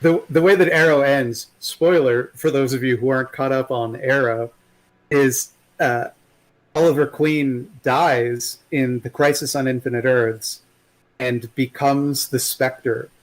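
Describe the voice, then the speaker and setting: A man's voice: mid-range voice, steady tone, a little slow, rough recording. A man talking as a guest in a casual chat, rambling and swearing, with many restarts and fillers.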